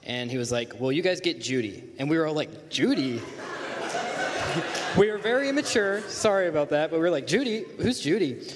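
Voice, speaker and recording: A man's voice: a little high, a little fast, long reverb tail, background noise. A teenage boy casually telling a group a funny story and acting out the quotes. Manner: animated, acts out quotes.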